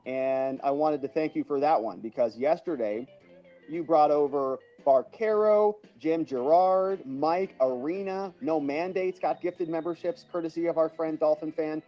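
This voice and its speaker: A man with a slightly high voice hosts a relaxed livestream, speaking unhurriedly. The audio is dull, with faint music behind him, as he chuckles, chats, thanks viewers by name, and reacts to their comments.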